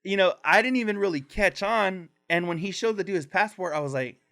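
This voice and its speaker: This is a male podcast co-host with a slightly higher voice who tells stories in loose, profane slang. He keeps the talk animated and jumps into high put-on voices whenever he quotes someone. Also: brisk. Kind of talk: casual storytelling chat.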